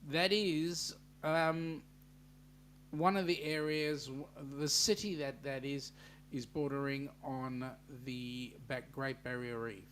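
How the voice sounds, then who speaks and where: A man's voice: mid-range voice, steady tone, takes it slowly, fairly bright tone, slight background noise. A man with an Australian accent hosting a casual live stream, chatting easily and reading out viewer comments. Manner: chatty, easygoing banter with viewers.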